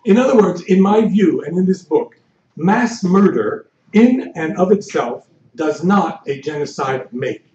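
Older male historian, dry measured lecture voice, mellow tone, echoey far-off lo-fi hall recording. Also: sits high, expressive, a little hiss or hum. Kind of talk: academic lecture. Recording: echoey hall, distant mic, dull lo-fi.

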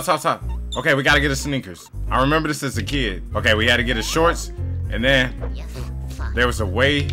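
A young man hosting casual gameplay commentary, excitable and swearing, often mocking himself. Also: medium pitch. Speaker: gaming channel host.

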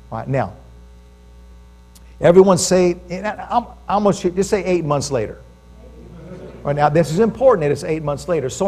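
Animated American preacher, high voice. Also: male voice. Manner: animated storytelling, calls to the congregation. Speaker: pastor. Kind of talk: sermon.

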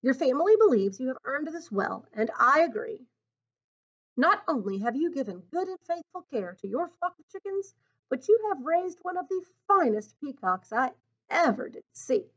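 A woman voicing a wise, gentle old Amish woman elder in a storybook read-aloud, speaking slowly and kindly in old-fashioned words. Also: sits high, big pitch swings. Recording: dull lo-fi recording.

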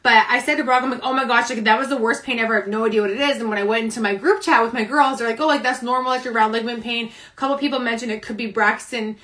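Young woman, higher voice, bubbly live chat, laughs often, a bit breathless. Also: fairly even intonation, very fast, few pauses, fairly bright tone. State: a little out of breath. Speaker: vlogger. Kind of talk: casual live-stream chat. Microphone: phone camera.

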